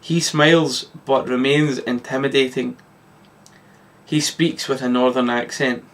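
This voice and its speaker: A man reading his own story aloud, with lively narration and occasional slips. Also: mid-range voice, measured pace.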